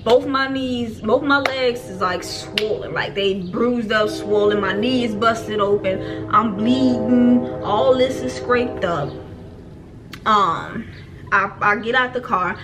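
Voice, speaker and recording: A young woman telling a storytime vlog in casual, slangy talk, acting out her own frantic shouts when she quotes herself. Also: a little high, slow, over music. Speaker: vlogger.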